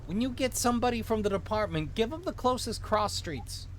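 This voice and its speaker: Man putting on a gruff small-town police chief, put-on Minnesotan accent, higher pitched, lively and barking, exasperated. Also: brisk, slight background noise. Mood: alarmed. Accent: put-on vaguely Minnesotan.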